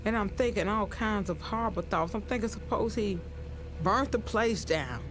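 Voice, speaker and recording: An older woman recounting her experience in documentary testimony, halting and repeating words as she goes. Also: medium pitch, expressive, background noise. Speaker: crime survivor interviewee.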